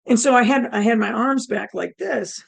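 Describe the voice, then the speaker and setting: A woman with a hoarse, damaged throat telling her near-death story, acting out her own thoughts as she goes. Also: a little high, moderate pace. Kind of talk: personal storytelling.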